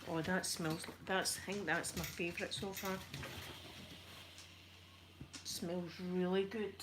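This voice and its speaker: A Scottish woman making a casual, soft-spoken ASMR chat video at home while ironing, rambling and poking fun at herself. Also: lowish voice, fairly even intonation, takes it slowly, background noise. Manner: chatty, rambling, self-deprecating. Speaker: ASMR YouTuber.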